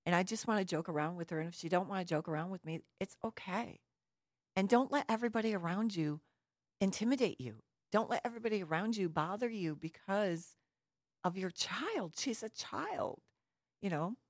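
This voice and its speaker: Woman, low register, earnest personal storyteller, dry room. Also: brisk, dry recording. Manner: earnest storytelling with rhetorical questions. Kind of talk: reflective personal talk.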